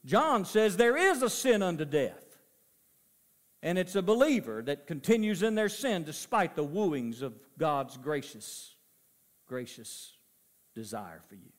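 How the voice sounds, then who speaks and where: Animated high-voiced preacher in reverb. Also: male voice, a little slow. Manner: dynamic preaching, swinging from loud emphasis to soft low asides. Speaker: pastor. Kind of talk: sermon. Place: church sanctuary. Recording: long church reverb.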